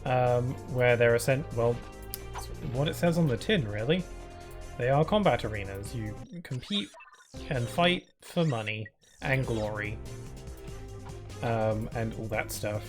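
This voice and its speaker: A man's voice: mid-range voice, expressive, unhurried. A young man giving casual, rambling commentary while playing a game on stream, talking into a desk microphone. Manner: rambling, easygoing, many fillers. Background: game music.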